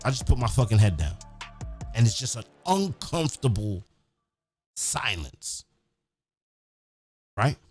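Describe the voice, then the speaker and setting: A man hosting a podcast, telling stories in a casual, profane, animated way. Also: lowish voice, unhurried, pauses often, breathy edge, soft background music. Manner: profane, animated, acts out quotes. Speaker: podcast host. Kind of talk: casual storytelling.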